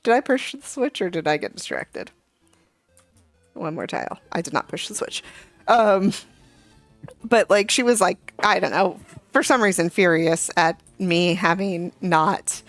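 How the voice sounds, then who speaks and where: A young woman streamer with a lowish voice rambles through a story, breaking off to comment on her game. Her voice is close and dry, with faint game music behind it. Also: expressive, measured pace, long pauses, no room sound. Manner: rambling storyteller, many fillers and asides to the game. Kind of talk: casual gaming chat.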